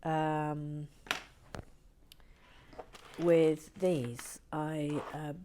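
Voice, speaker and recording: Brief: middle-aged woman, low warm voice, soft-spoken ASMR commentary drifting into whispers, faint hiss behind. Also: flat delivery, drawn-out words. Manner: often drops into a whisper, chatty and mildly self-deprecating. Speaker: channel host building brick sets.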